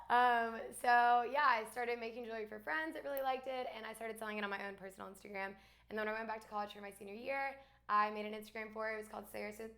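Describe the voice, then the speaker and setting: A young woman from Alabama, a guest in a casual chat, talking fast with lots of fillers and laughs. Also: fairly high pitch, fairly bright tone. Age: young adult.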